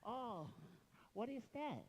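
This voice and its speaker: Elder teasing a child, very slow, lively swooping pitch. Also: a little hiss or hum. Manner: teasing, laughs often, broken English. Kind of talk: playful casual chat.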